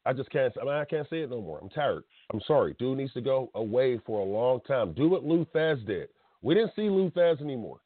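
A man's voice: medium pitch, big pitch swings, fairly quick, no room sound. A man in his thirties hosting a call-in wrestling show, ranting bluntly and emotionally with laughs and restarts. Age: 30s. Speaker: podcast host. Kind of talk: casual call-in wrestling talk. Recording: dry phone-line sound.

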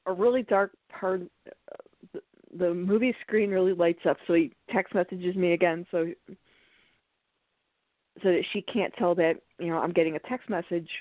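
A woman's voice: on the low side, moderate pace, long pauses, no echo. A woman host telling a funny personal story in a casual way, often laughing as she talks. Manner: animated, laughs through her story. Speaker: podcast host. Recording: tinny phone-like line, dry.

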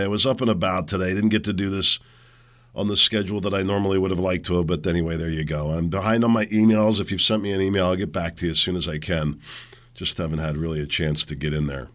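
A man's voice: low-pitched, fairly bright tone. A man hosting a podcast in a rambling, folksy solo talk, sick with a head cold. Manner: rambling and folksy, with frequent fillers. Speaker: podcast host. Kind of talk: casual monologue.

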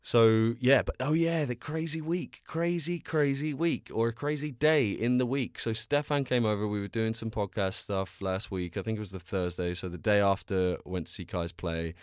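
A man's voice: lowish voice, normal speed, few pauses, smooth, dry recording, clean studio sound. A young man hosting a solo podcast, chatting casually in a rambling, self-deprecating way and telling stories with bursts of energy. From England. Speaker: podcast host.

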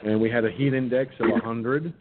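A man's voice: steady tone, brisk. Older man rambling on a phone line. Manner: rambling, many restarts, swears casually. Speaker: radio show host. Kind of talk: casual rambling monologue. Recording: muffled phone-line audio with faint rumble.

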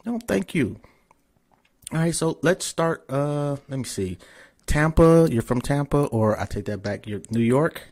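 A man's voice: on the high side, lively intonation, measured pace, darkish tone. Male podcast host, loose and profane, casual interview chat.

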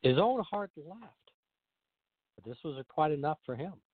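A man hosting a radio show, reading a classic story aloud with a lively, expressive delivery. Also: fairly high pitch, measured pace, breathy edge, dry recording. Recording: narrow phone-line sound.

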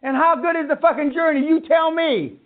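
Guy with a really high voice ranting and cussing at a seminar, sounds tinny like over a phone. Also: brisk. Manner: blunt, swearing, ranting. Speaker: seminar speaker. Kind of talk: profane motivational lecture.

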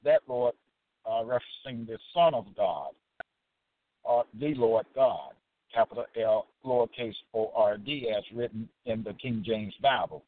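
Slow, deliberate man on a tinny line. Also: lowish voice, lively intonation. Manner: deliberate, halting, frequent fillers. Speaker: religious presenter. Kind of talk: slow scripture reading with commentary. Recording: tinny phone-like dry recording.

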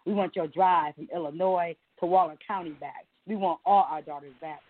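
A woman's voice: lowish voice, fairly even intonation, moderate pace. A woman poet performing her spoken-word poem with a rhythmic, insistent cadence, then chatting loosely with many fillers as an interview guest. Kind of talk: spoken-word poetry reading, then casual interview talk. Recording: tinny phone-like line.

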